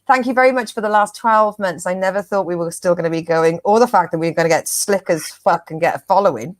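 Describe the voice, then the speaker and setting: A woman's voice: fairly low pitch, fast, no echo. A woman co-hosting a live-streamed comedy chat show, full of bawdy, laughing banter.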